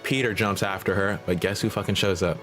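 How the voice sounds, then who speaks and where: A man's voice: low voice, fairly even intonation, a little fast, fairly bright tone, soft background music. A man hosting a movie reaction channel, recapping the plot in a casual, slangy, profane way. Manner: slangy, profane, streetwise banter.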